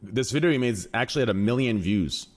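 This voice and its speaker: A man in a mid-pitched voice chats loosely with friends on his live stream. He rambles, trails off and fills gaps with "um" as he talks. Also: expressive, fast, a little hiss or hum. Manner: casual, filler-heavy, rambling. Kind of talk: casual chat on a live stream.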